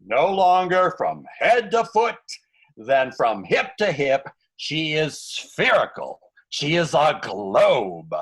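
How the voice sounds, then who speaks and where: An actor gives a full character voice to a frantic, comic male servant in a Shakespeare scene performed live over a video call. His delivery is slow, on the high side and breathy-edged, yet excitable and wildly swooping, with a mocking mood.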